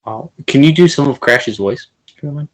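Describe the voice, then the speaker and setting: Guy hosting a podcast, fast talker, total fanboy vibe. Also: medium pitch, animated. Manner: eager, fan-like. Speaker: podcast host. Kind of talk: casual interview.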